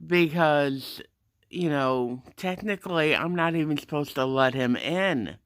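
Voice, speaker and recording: A man rants casually about a clash at his gym front desk, voicing each person's lines with sudden pitch jumps. His voice is bright and smooth. He talks slowly and deliberately, in a dry, close sound. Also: dry recording. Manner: animated, acts out the dialogue with pitch jumps. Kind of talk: casual storytelling rant.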